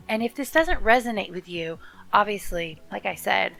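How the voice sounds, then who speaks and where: A woman's voice: mid-range voice, lively intonation, normal speed, gravelly, a bit bright, faint music behind, poor audio. A woman giving a tarot reading, speaking earnestly and encouragingly straight to the viewer. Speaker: tarot reader. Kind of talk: casual tarot reading to camera.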